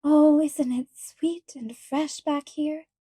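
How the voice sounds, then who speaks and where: An earnest, dreamy young woman, as a woman reader voices her, speaking gently and solemnly in a raised, bright-eyed pitch. The voice stays mellow and dark, recorded close and dry for a storybook. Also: fairly even intonation, slow pace, dry recording.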